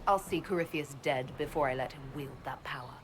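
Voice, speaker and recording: A woman playing a defiant game heroine with a low voice. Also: brisk, a little hiss or hum, close to an everyday voice. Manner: firm, defiant.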